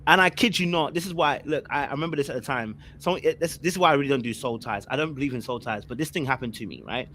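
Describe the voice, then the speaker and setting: A young man telling a story on a podcast panel. He talks in animated bursts of slang and keeps repeating himself. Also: medium pitch, quick pace, few pauses, a little hiss or hum. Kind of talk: casual storytelling.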